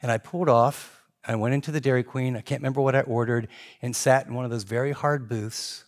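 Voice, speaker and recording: An older man preaching a sermon in a conversational, animated way, jumping to high emphatic peaks and dropping to quiet asides. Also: fairly quick. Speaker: pastor.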